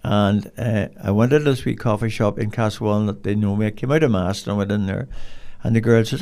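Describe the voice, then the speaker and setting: A man's voice: on the low side, steady tone, fast, few pauses, a little mellow. An older man, a podcast guest telling rambling, colloquial stories in a casual interview. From Cork, Ireland.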